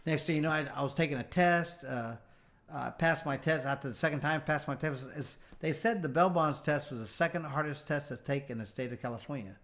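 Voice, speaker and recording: This guest is a middle-aged former fighter turned bail bondsman, speaking fairly quickly in a slightly high, somewhat bright voice. In a relaxed interview he spins long, rambling tales, restarting and performing others' dialogue.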